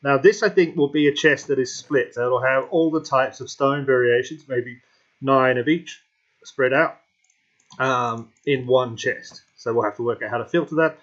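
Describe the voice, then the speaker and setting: A man at an ordinary middle pitch gives casual gameplay commentary and thinks aloud. He rambles with plenty of ums and restarts and keeps hiccuping. The recording sounds a little dull and lo-fi. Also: moderate pace, fairly bright tone.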